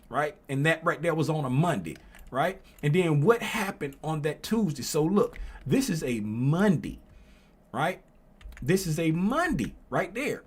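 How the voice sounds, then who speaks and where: A man's voice: on the high side, moderate pace. A man teaching chart analysis for trading, who keeps asking questions and tagging his lines with "right?". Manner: asks himself questions, tags lines with "right?"; grows louder and more animated. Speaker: trading educator. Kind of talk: chart walkthrough lesson.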